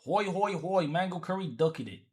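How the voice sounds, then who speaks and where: A man's voice: high voice, expressive, a little fast, slightly rough. A man from Africa chatting casually on a livestream, teasing people and repeating himself as he talks back to his chat.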